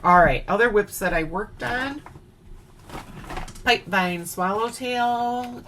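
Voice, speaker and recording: Speaking slowly with long pauses, this woman has a medium pitch and a fairly bright tone, with a little hiss or hum audible. She's from Wisconsin, has an Upper Midwest accent, and playfully chats through her cross-stitch projects at home at night, singing snatches of songs.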